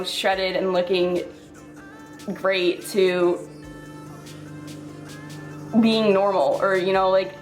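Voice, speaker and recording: A woman's voice: mid-range voice, poor audio. A woman in her twenties talks through a personal vlog, on the verge of tears, heavy on "like" and "um". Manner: heartfelt, filler-heavy talk with frequent "like" and "um". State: tearful, on the verge of crying. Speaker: fitness vlogger.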